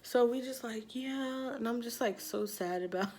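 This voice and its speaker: A young woman vlogger casually telling a personal story, slangy and animated, acting out what people said with lots of "like.". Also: fairly high pitch, a little fast, husky. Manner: slangy, animated quoting, many "like"s.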